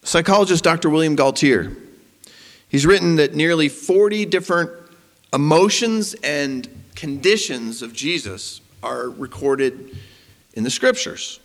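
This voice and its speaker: A man preaching a sermon as pastor, animated and rising to emphasis. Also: a little high, a little slow. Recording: long hall reverb.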